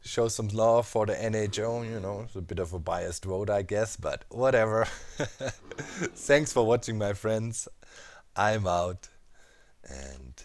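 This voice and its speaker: This Minecraft let's player has a lowish voice with a somewhat dark tone. He talks casually while building in the game, musing aloud with plenty of fillers and tangents.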